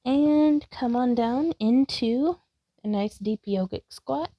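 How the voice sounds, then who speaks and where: A woman leading a yoga class, calling out slow, calm cues and directions. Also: a little high, no echo, highs cut off. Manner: slow, calm cueing with soft laughs. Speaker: yoga instructor.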